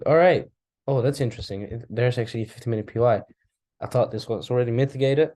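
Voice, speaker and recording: A man casually talking through a chart recap, thinking aloud with relaxed asides. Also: mid-range voice, fast talker. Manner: relaxed, talks to himself while charting, asides and apologies. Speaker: trading recap host. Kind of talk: casual screen-share commentary.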